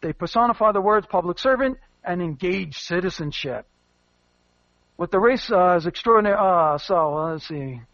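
High-voiced rambling male commentator. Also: lively intonation, moderate pace, fairly bright tone, no room sound, highs cut off. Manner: rambling, emphatic, many fillers. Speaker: commentary show host. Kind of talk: casual spoken commentary.

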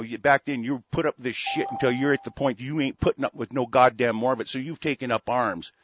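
A man's voice: medium pitch, a bit bright, dry recording. A man hosting a radio show, delivering an angry, profane political rant full of stammered restarts. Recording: dull lo-fi dry recording.

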